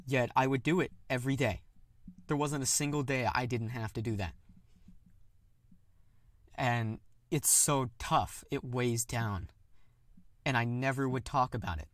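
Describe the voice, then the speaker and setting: A young man opens up in a personal, confessional monologue, halting and candid, breaking into nervous laughs. His voice sits at an ordinary pitch, recorded close with a dry sound and no room around it. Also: dry recording. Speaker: podcast host.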